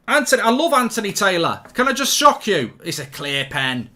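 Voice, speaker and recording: A middle-aged man hosts a live football watchalong, ranting excitably and repeating himself as the match plays out. His voice is high-pitched and brisk.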